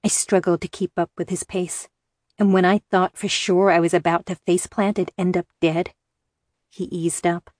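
A woman reads first-person fiction aloud in a measured, steady way. Her voice sits on the lower side, and the recording is close and dry, with no room echo. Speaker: audiobook narrator. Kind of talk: scripted first-person narration.

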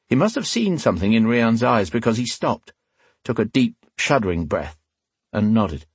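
A man narrating a fantasy novel as an audiobook in a steady, even storytelling manner. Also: lowish voice, normal speed, husky, no echo.

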